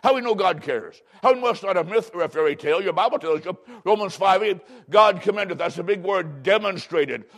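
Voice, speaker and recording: A man's voice: high-pitched, lively intonation, brisk, hardly any pauses, fairly bright tone. A man from Illinois preaching a sermon, reading scripture solemnly and stretching out words for dramatic emphasis. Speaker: pastor.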